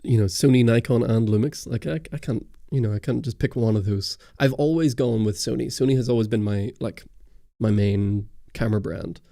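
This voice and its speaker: A man's voice: medium pitch, brisk, creaky, few pauses, dark tone, no room sound. A man from Northern Ireland with a Northern Irish accent, hosting a casual livestream and rambling through answers to viewer chat on a close studio mic. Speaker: YouTube host on a livestream.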